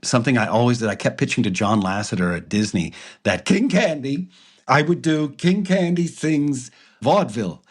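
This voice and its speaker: A man co-hosting a podcast in casual chat, animated and theatrical, laughing often. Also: medium pitch, normal speed, breathy edge. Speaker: podcast co-host.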